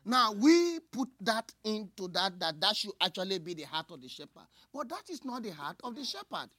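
A woman preaching a sermon, moving from hushed asides to loud, cried-out lines. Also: medium pitch, normal speed, breathy edge, no room sound. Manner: expressive, swings from hushed asides to loud cries.

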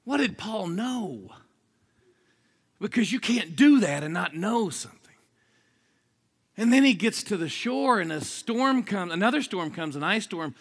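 A man preaching an energetic sermon, joking with the crowd and swinging between low asides and shouted exclamations. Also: measured pace, pauses often, breathy edge. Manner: jokey, asks the crowd for responses.

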